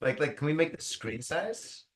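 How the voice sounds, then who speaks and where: A man's voice: on the high side, expressive, moderate pace, a little hiss or hum. A man hosting a casual live beer tasting show, chatting loosely and telling jokey stories. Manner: loose, joking storyteller who puts on voices for anecdotes. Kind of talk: casual chat. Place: living in Japan. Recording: roomy echo.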